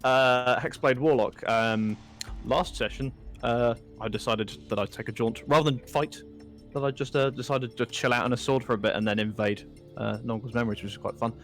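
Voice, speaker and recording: A man's voice: medium pitch, steady tone, moderate pace, a bit bright, soft background music. Nasal posh English man. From England. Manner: hesitant, lots of ums and uhs. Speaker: player. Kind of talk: casual chat.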